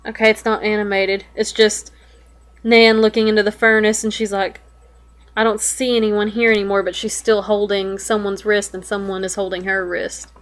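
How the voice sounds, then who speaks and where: A woman's voice: mid-range voice, little pitch movement, moderate pace. A young woman reading a web story aloud and reacting to it in casual chat, swearing and breaking into alarmed exclamations. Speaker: web fiction reader reacting.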